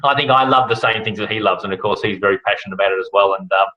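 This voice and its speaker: With a lowish voice and rapid-fire delivery, an Australian rally broadcast host talks casually as a podcast guest, his answers rambling and littered with fillers and restarts. The interview is relaxed, and the audio sounds dull.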